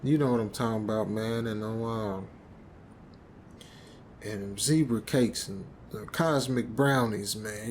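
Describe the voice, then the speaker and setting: A man's voice: mid-range voice, unhurried, a little mellow, a little hiss or hum. A man narrating a horror story as a rambling, stammering speaker who keeps ending phrases with "man".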